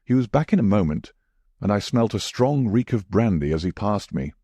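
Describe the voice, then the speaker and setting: A man reading a classic mystery story as measured audiobook narration. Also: on the low side, lively intonation, warm tone, slightly rough, no echo.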